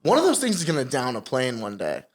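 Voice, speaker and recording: A man's voice: mid-range voice, huge pitch swings, fast. A man co-hosting a podcast, joking and bantering in casual chat. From Connecticut, USA. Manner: joking, laid-back banter. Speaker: podcast co-host.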